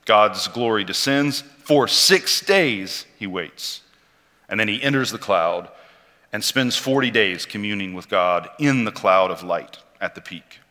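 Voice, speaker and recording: A man preaching a sermon, telling a story in an animated way and acting out the quotes. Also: on the low side, measured pace. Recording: long hall reverb.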